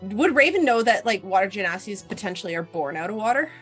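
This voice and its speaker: A woman playing a tabletop game, asking halting questions. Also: mid-range voice, big pitch swings, a bit bright, faint music behind. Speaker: player. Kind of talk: casual tabletop role-play.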